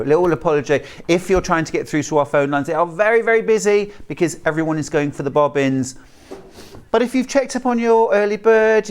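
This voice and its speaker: A chatty, jokey man with a British accent presents on a live shopping channel and reads out viewer messages between pitches. His pitch moves a lot, rising and falling through the sentences. He sounds like an easygoing salesman talking to his regular viewers. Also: smooth.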